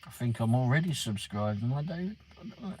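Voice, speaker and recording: Man, mid-pitched, relaxed live-stream host answering chat, faint room noise. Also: fairly quick, poor audio. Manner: casual and chatty, greets viewers by name and answers chat.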